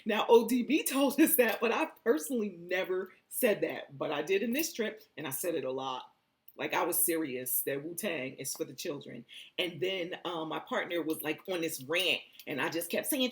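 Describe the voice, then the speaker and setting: A woman's voice: lowish voice, moderate pace. A woman vlogger telling a personal story in a casual, giggly way, acting out what people said. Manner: animated and giggly, acting out quotes.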